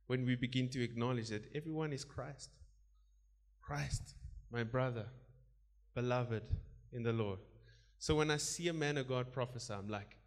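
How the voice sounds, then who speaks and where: A man preaching a sermon, moving from quiet asides to loud calls, laughing between points and praying in tongues. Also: mid-range voice, moderate pace. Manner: animated preaching, swinging between soft asides and loud exhortation.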